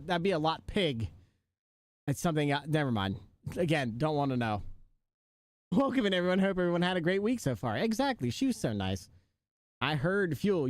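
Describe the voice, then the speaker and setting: A man's voice: sits high, dry recording. A man live streaming, chatting casually and joking with his viewers, laughing often.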